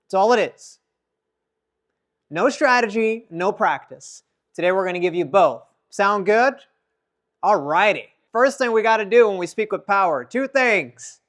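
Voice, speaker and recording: A man coaching public speaking in an energetic workshop lesson, swinging between loud and soft to demonstrate. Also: sits high.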